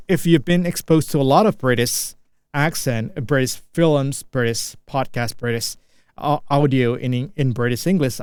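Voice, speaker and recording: A man's voice: medium pitch, darkish tone, clear, resonant tone, dry recording, clean studio sound. A young Indonesian man with an Indonesian accent, English not his first language, speaking unscripted practice talk full of restarts and fillers as he searches for words. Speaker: English learner.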